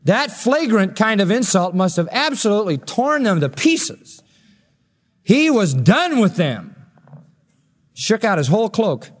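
Animated high-voiced male preacher. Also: measured pace, big-room sound. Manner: animated, dramatic storytelling with acted quotes. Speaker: pastor. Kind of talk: expository sermon.

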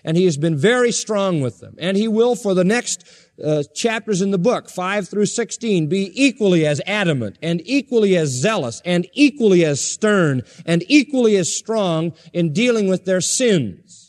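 A high-voiced male pastor delivers an expository sermon. He speaks emphatically, driving each point home with chains of repeated parallel phrases. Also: expressive, moderate pace.

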